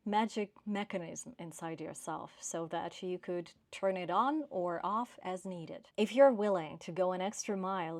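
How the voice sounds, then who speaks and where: A woman with a non-native English accent giving career advice to camera in a measured, clear, emphatic way. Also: fairly low pitch, no echo. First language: not English. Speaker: career coach.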